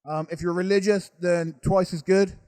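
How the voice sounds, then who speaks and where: A man's voice: sits high, moderate pace, smooth, dry recording. A man co-hosting a podcast, telling stories with lots of laughter and swearing. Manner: animated storytelling, laughing and swearing. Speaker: wrestler and podcast co-host. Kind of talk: casual banter.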